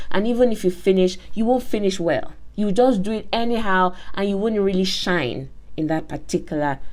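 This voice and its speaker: A woman hosting a faith-based motivational talk, telling stories emphatically with lots of repetition. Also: medium pitch. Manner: animated, emphatic storytelling with repetition. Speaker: host.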